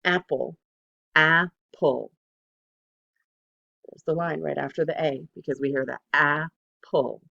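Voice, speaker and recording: A second grade teacher giving a recorded phonics lesson to children, patient and deliberate, saying each word twice to model it. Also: medium pitch, steady tone, creaky, a bit bright, dull audio.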